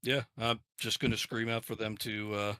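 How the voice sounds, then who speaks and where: Bright-voiced man, hesitant player. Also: fairly low pitch, level tone, normal speed, a little hiss or hum. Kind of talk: casual tabletop game chat.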